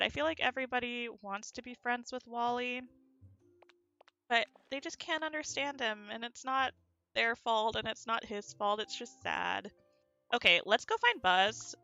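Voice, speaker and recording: A chatty American woman streams from home, reading and answering her chat as she plays. Her voice is bright, and the sound is dry and close-miked, with faint music underneath. Her sentences often lift at the end. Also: fairly high pitch, lively intonation, normal speed, no room sound, muffled recording. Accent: neutral American. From United States. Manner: rising inflection at sentence ends. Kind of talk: casual live-stream chat while playing.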